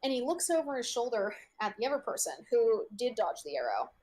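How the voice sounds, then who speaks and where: A woman running a tabletop game as game master, her voice sitting a little high. She narrates the scene haltingly, with plenty of fillers, and laughs often. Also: sing-song, a little mellow.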